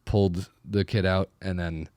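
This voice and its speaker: Young guy, low voice, dry close mic, crude self-mocking storyteller in a casual podcast chat. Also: fairly even intonation, a little slow, a little mellow, smooth, dry recording. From Massachusetts. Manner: profane, self-deprecating storytelling.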